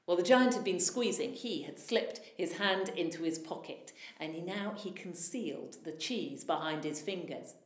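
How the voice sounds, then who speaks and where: A woman storyteller telling a folktale aloud in an animated way, swelling in loudness at the dramatic moments. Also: lowish voice, moderate pace, hardly any pauses. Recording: echoey room.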